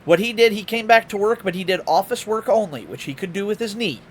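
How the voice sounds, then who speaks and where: A man's voice: high voice, lively intonation, fast, a little hiss or hum. A man streaming live, telling stories in casual chat, swearing and acting out what people said. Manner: storytelling, swearing, acting out quotes.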